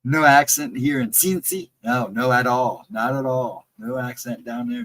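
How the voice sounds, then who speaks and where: Husky-voiced Ohio man chatting casually. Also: medium pitch, very animated, a little slow, few pauses, sharp tone, rough recording. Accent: Central Ohio. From Central Ohio, near Columbus. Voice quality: trouble with R and W sounds. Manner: rambling, chatty, reads out chat comments. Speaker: livestream co-host. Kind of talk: casual livestream chat.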